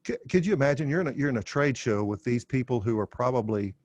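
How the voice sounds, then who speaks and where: A man hosting a podcast interview, friendly and quick to laugh, speaking to his listeners. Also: mid-range voice, lively intonation, a little mellow, dry recording. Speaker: podcast host. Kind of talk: conversational interview.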